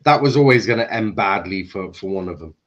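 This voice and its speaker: A man's voice: deep voice, lively intonation, brisk, dull audio. A man hosting a casual football match reaction chat, talkative and swearing now and then. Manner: chatty, swearing, mimics frustrated shouting. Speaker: football channel host.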